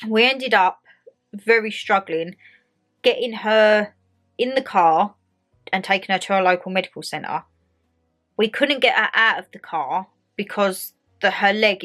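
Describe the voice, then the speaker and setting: A young woman with an Essex accent talks casually to her phone camera at home, filming it in her own hand. She tells her story in a chatty, animated way, slipping into the voices of the people in it. Faint music sits behind her. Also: medium pitch. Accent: Essex English. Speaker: vlogger. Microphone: handheld phone camera.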